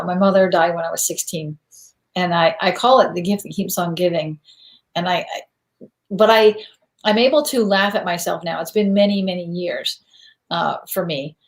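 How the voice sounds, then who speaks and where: A woman's voice: fairly low pitch, roomy sound. A woman hosting a conversational interview, talking candidly and reflectively, and often laughing at herself. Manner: reflective, candid, self-deprecating. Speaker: podcast host.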